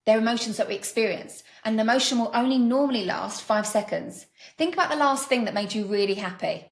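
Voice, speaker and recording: Podcast guest: woman mindset coach, rapid delivery, animated storytelling, roomy echo. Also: on the high side. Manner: animated, acts out little dialogues in quoted voices. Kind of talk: casual podcast conversation.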